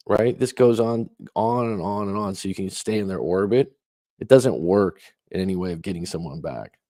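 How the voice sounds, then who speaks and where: A man with a fairly low, mellow voice, recorded dry with clean studio sound, coaches people on relationships while reacting to their questions. He speaks emphatically, fires off plenty of rhetorical questions, and acts out the lines he quotes.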